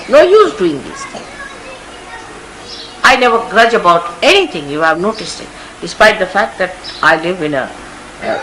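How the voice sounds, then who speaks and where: On a low-quality, hissy archival tape from the 1980s, a spiritual teacher with an Indian English accent tells stories, performing the voices of those she quotes. She has a mid-range, slightly bright voice.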